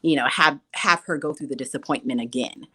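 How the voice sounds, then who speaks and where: A young adult woman on a video call, telling a personal story in an earnest, halting way with excited outbursts. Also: sits low, husky. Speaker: guest, older sister.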